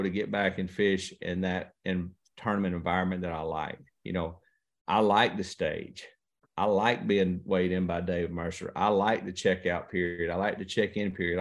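A man's voice: low voice, normal speed, creaky. A man, a professional angler telling stories in a casual interview chat. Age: 50s. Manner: folksy storyteller, drawling, quotes others in conversation. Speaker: guest angler.

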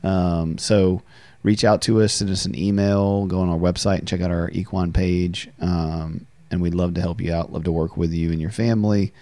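A man with a very low, mellow voice hosts a podcast conversation. He talks reflectively and often circles back over his own words. The sound is close and dry. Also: level tone, normal speed, no echo. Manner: reflective, repeats words as he speaks. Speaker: podcast host and counselor. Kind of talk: casual conversational podcast talk.

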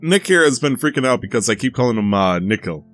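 A man's voice: medium pitch, expressive, fast talker, a bit bright, soft background music. A man hosting a casual podcast, teasing his co-hosts and laughing often. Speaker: podcast host. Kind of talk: casual chat.

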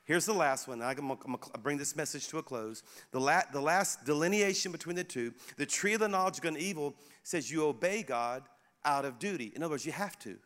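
Middle-aged pastor preaching in an echoey hall. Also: male voice, fairly high pitch, fairly quick. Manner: animated, conversational, addresses the congregation directly. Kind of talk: sermon.

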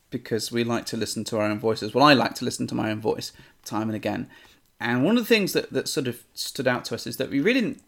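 A man co-hosting a relaxed podcast with his partner. He rambles and jokes, often mocking himself as he goes. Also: medium pitch. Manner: rambling, joking, self-mocking. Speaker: podcast co-host. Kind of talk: casual chat.

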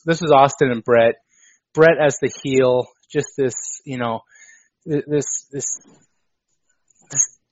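A man co-hosting a casual podcast chat, animated and excitable, on a dull lo-fi recording. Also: mid-range voice, no room sound. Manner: animated, excitable, mimics people for laughs. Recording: dull lo-fi dry sound.

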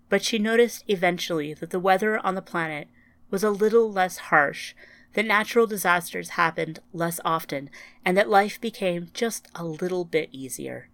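A woman reads a short story aloud in a measured, even way, as the podcast's narrator. Her voice sits low, and the recording is dry and close with no room sound. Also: no room sound. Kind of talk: scripted narration.

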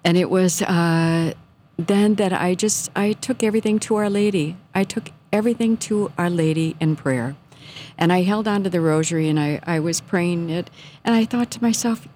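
A middle-aged woman telling a personal faith story in casual, earnest talk, animated when she quotes her own thoughts. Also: on the low side, normal speed, a little hiss or hum.

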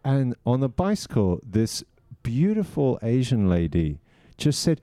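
A man's voice: medium pitch, measured pace, no echo, studio quality. A man who co-hosts a comedy podcast, telling casual stories with plenty of swearing. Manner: swearing storyteller, animated when quoting people. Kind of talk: casual chat.

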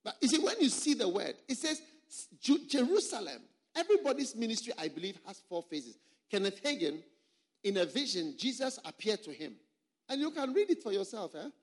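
A man's voice: sits high, very animated, a little fast. A male pastor preaching a sermon to a conference of pastors, emphatic, repeating words for stress and putting questions to the audience.

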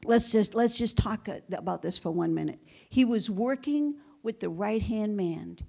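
A woman's voice: mid-range voice, lively intonation, normal speed, creaky, mellow. A woman pastor preaching a sermon, fervent and repetitive, with rhetorical questions and calls of "Amen?" to the congregation. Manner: repeats phrases for emphasis.

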